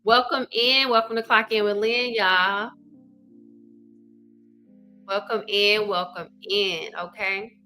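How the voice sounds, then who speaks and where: Southern woman, middle-aged, energetic livestream host, bright and forward tone. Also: medium pitch, slow pace, pauses often, soft background music. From Arkansas. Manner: chatty, energetic, greets viewers by name, says "y'all" and "child". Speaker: love coach and livestream host. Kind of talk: casual livestream chat.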